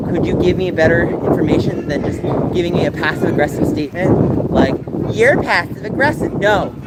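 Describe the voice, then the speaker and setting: A man livestreaming while walking city streets, talking passionately and ranting to his chat, with a sore throat and coughs. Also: fairly high pitch. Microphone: handheld game console mic. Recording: loud wind noise on a handheld device.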